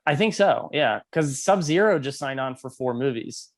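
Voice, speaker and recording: A man's voice: mid-range voice, animated, moderate pace, no echo. A man co-hosting a casual film review podcast, rambling with joking asides. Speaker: podcast co-host.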